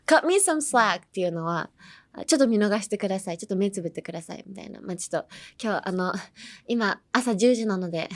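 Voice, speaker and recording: Filler-heavy young woman teaching. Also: medium pitch. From California. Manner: uses lots of "um" and "like" fillers; switches between English and Japanese. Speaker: host, English teacher. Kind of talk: casual teaching.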